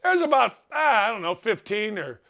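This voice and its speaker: A middle-aged man hosting a sports talk show, telling a story in an excitable, self-mocking way with loud exclamations. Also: high-pitched, normal speed, creaky. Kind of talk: animated storytelling monologue.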